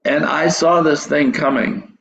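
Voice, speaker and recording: A man's voice: fairly high pitch, fairly even intonation, measured pace, gravelly, a bit bright. An older man telling a dream story in a sermon, rambling and restarting his phrases. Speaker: preacher telling a dream testimony. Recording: dull echoey hall recording.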